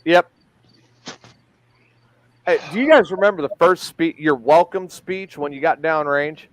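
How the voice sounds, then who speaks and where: High-pitched man swapping crude stories. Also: a little slow, no echo, low-quality recording. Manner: crude, quoting dialogue. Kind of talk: casual storytelling chat.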